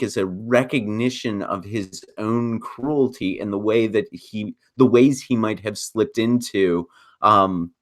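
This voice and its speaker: A man on a podcast panel talking thoughtfully, halting with many fillers and now and then sarcastic. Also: on the low side. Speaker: podcast co-host. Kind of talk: casual roundtable discussion.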